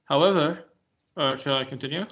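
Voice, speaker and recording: Male student, bright, somewhat high voice, reads aloud haltingly. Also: highs cut off. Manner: halting, careful reading. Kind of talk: reading aloud in class. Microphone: video call.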